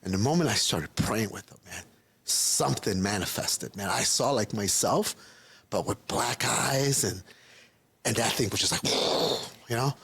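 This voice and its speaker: A man's voice: on the low side, a little slow, vocal fry, fairly bright tone, husky, no room sound. A man being interviewed as a guest, telling a personal testimony in a rambling, casual way and acting out the voices of people he quotes.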